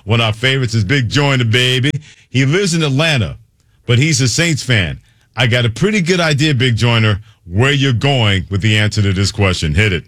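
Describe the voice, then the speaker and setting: A man hosting a sports talk radio show, speaking in a brisk, conversational way from a studio. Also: mid-range voice, expressive, fairly bright tone, dry recording. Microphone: studio mic.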